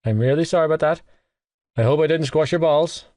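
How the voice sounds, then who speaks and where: A man voicing a drunk, boisterous young rugby player who talks loud and overeager. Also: fairly high pitch, a little fast, no room sound, clean studio sound, voice pushed up, close to an everyday voice. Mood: earnest.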